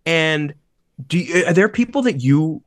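A comedian guest on a podcast, a man chatting casually with quick reactions and affirmations. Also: a little high, lively intonation, a bit bright, no room sound. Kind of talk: casual chat.

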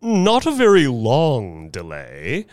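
A man voicing a smooth-talking, oily male showman in an audio story, coaxing in a soothing salesman's patter. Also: mid-range voice, wildly swooping pitch, slow pace, no echo, studio quality.

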